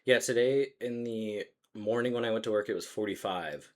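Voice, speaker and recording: A man's voice: lowish voice, normal speed. A young man co-hosting a podcast, chatting casually in long run-on sentences and laughing often. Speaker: podcast co-host. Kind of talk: casual chat.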